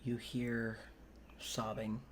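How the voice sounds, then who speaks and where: A man narrating a tabletop game as game master, quick and descriptive, stopping to correct names. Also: mid-range voice, completely flat delivery, a little hiss or hum.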